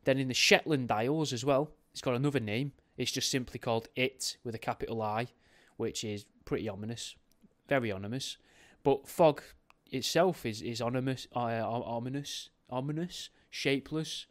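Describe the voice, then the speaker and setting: A man's voice: medium pitch, normal speed, a bit bright. A man hosting a podcast in a casual, rambling, jokey way, often correcting himself mid-sentence. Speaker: podcast host.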